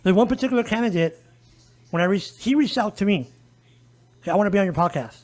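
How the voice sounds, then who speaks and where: On a laid-back podcast, a high-voiced man who advocates for disability rights tells his story quickly and with plenty of animation, voicing the people he quotes. He's from El Paso, Texas.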